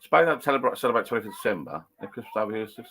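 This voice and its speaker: Rambling man with a low voice. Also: sing-song, racing, fairly bright tone. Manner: rambling, chatty and blokey, with lots of restarts. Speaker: live-stream host. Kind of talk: casual live-stream chat, reading out viewer comments. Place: home garden bar shed.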